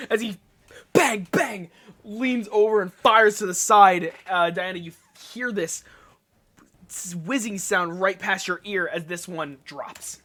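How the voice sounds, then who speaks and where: A man with a high, bright and forceful voice runs a tabletop game as its game master. He paints each scene in vivid narration and drops in his own sound effects. His tone stays sharp and ringing throughout.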